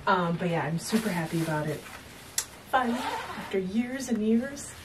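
A woman's voice: medium pitch, lively intonation, moderate pace, recorded from a distance, background noise. A woman chatting casually in a home vlog, rambling and laughing often as she shows off her purchases. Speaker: fitness vlogger showing purchases. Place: at home, indoors.

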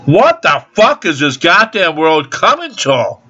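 Into his home video camera, an older vlogger unleashes a rambling, profanity-laced, resentful tirade. He speaks unhurriedly in a very animated, pushed, bright voice on the high side, captured with dull lo-fi home video sound.

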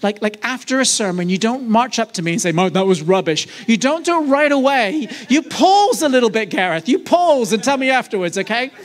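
Male preacher, joking asides, conversational sermon, church service. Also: very high voice. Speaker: guest preacher.

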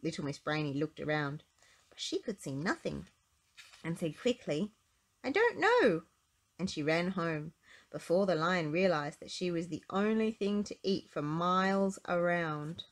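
A woman reading a children's picture book aloud in an expressive, sing-song way. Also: on the low side, normal speed. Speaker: storybook reader. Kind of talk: children's read-aloud narration.

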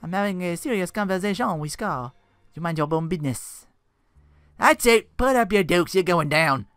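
A woman voicing a brash, hot-headed young female thief, loud and picking fights. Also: fairly low pitch, lively intonation, moderate pace, smooth, no room sound, studio quality, soft background music, pitched above the performer's own voice, lightly acted. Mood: combative. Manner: loud, brawling, cussing.

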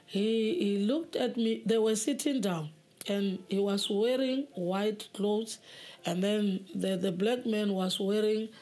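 Slow, halting woman giving testimony. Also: mid-range voice, mellow. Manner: halting, with many repeated words. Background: faint music.

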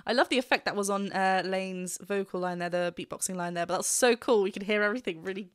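A woman's voice: medium pitch, quick pace, very noisy. A woman vocal coach giving enthusiastic, technical reaction commentary, gushing over what she hears and humming along. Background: the song she is reacting to plays behind her.

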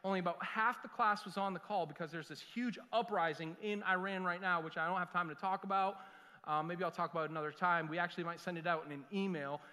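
A middle-aged man preaching a sermon as pastor, telling jokey stories and breaking into quick put-on voices for the people he quotes. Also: sits high, fairly even intonation, sharp tone. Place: church sanctuary. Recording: reverberant church sanctuary.

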